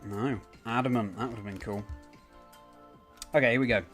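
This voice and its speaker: A young man chatters away on a live stream, talking viewers through what he is doing and stopping to fix his own explanations. His pitch sits in the middle range for a man. Soft game music plays faintly behind him. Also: fairly even intonation, moderate pace. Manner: chatty, answers chat by name, rambling self-corrections. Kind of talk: casual live-stream chat.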